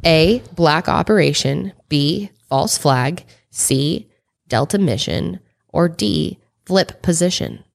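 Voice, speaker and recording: A woman's voice: deep voice, lively intonation, slow, vocal fry. A woman co-hosting a casual podcast quiz, blunt and joking as she reads questions and argues answers. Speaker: podcast co-host. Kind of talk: casual quiz game chat.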